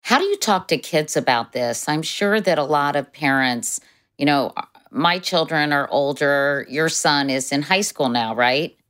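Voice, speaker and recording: A woman's voice: low voice, animated, unhurried, fairly bright tone, smooth. A woman hosting an interview, chatting and putting listener questions to her guest. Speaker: interviewer host. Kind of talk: interview conversation.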